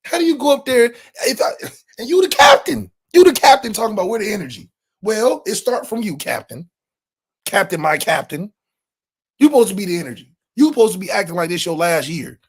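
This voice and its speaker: A man co-hosting a sports podcast in casual chat, animated, laughing and trash-talking. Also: high-pitched, fairly quick, slightly rough. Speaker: podcast co-host. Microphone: webcam setup.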